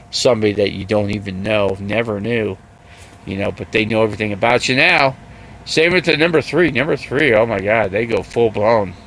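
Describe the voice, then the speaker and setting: A man's voice: mid-range voice, creaky, fairly bright tone, slight background noise. An older man talking casually and at length on his live stream, chatty and repetitive, with lots of fillers as he wanders from point to point. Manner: rambling, chatty, repeats himself, heavy use of fillers. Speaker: RV vlogger. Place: living out of an RV.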